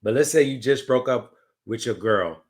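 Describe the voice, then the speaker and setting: A young man hosting a casual interview podcast, relaxed and agreeable as he asks questions. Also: mid-range voice, moderate pace. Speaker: podcast host.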